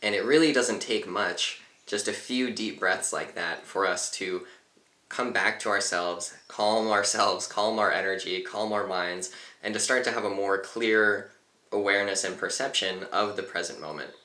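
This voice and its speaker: A man leading a guided meditation in a calm, unhurried, gently instructive way. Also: lowish voice, reverberant. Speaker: meditation teacher.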